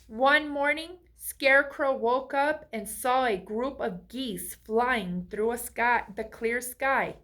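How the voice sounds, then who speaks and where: A woman's voice: fairly high pitch, slow, few pauses, a bit bright. A woman reading a children's picture book aloud, asking the listener friendly questions along the way. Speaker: storybook reader.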